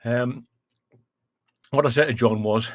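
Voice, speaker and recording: A man at a middling pitch, hosting a casual livestream and talking between coughs and sighs as chilli heat builds. The sound is dry and close, with hardly any room behind it. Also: steady tone, slow pace, no echo. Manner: chatty, with coughs, sighs and exclamations from hot chilli. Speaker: livestream host.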